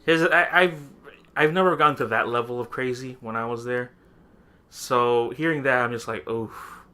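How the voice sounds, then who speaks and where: A man's voice: medium pitch, moderate pace, sharp tone. A man co-hosting a podcast, telling a story in casual chat, laughing often and acting out quoted lines. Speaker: podcast co-host.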